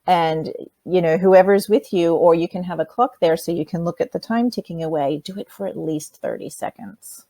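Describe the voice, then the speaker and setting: A woman's voice: lowish voice, normal speed, warm tone, no echo. Patient woman teaching kids to breathe. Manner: patient, plain, speaks directly to children; demonstrates by breathing sounds. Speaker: presenter teaching children. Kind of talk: children's workshop lesson.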